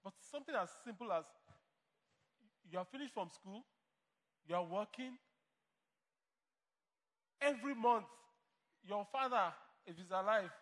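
A man's voice: sits high, moderate pace, long pauses, a bit bright, big-room sound. A man preaching a sermon as pastor to a church congregation, emphatic and playing out imagined replies. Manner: emphatic preaching, mock dialogue.

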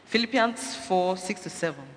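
A woman's voice: mid-range voice, lively intonation, moderate pace. A woman giving a health talk inside a sermon, urging her listeners and asking rhetorical questions. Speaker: church speaker. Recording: echoey hall, faint background noise.

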